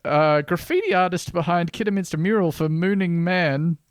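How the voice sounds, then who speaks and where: An Australian man reads news stories aloud on a comedy podcast, his voice rising and falling in a lively, animated way. His delivery is wry and deadpan. The sound is close and dry, with no room echo. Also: high voice, normal speed, clear, resonant tone. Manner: wry, deadpan reading with laughing asides. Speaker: podcast co-host. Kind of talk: casual comedy podcast chat, reading news articles aloud.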